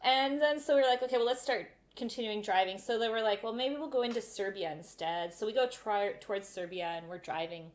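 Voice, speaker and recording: Woman host, casual live-stream storyteller, animated, slightly high voice. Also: fairly quick, hardly any pauses. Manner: animated, acts out voices in stories. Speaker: travel vlogger, live Q&A host.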